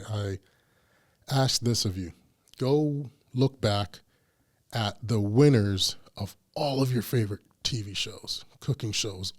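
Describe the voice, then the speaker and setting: A man hosting a casual podcast chat, telling stories and acting out the voices of the people in them. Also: fairly low pitch. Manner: animated storyteller, acts out quoted voices. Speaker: podcast host.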